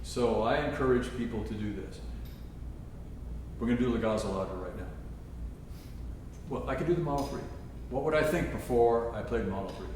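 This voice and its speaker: A man's voice: mid-range voice, lively intonation, moderate pace, long pauses, a little mellow, slight background noise. A man teaching a trombone masterclass, breaking into scat-sung phrases to show how passages should go. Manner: scat-sings musical phrases to demonstrate. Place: chapel used as a concert hall. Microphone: distant room mic. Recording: echoey hall from far off.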